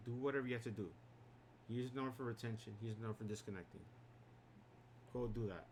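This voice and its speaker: A man's voice: mid-range voice, fast talker, long pauses, darkish tone, slight background noise. A man streaming a game, telling rambling work stories in a casual, filler-heavy way. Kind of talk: casual chat while gaming. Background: game music.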